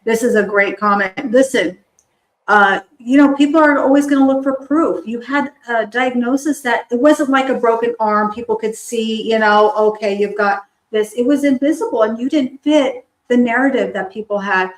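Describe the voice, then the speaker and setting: A woman's voice: fairly high pitch, moderate pace. A woman hosting a live online talk show, upbeat and cheering her guest on. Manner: enthusiastic, cheering. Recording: roomy echo.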